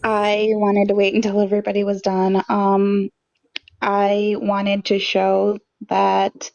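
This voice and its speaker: Earnest woman, flat voice, lo-fi. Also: mid-range voice. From Michigan. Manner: earnest, filler-heavy, halting. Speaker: caller urging action. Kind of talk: casual call to action. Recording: dull lo-fi audio.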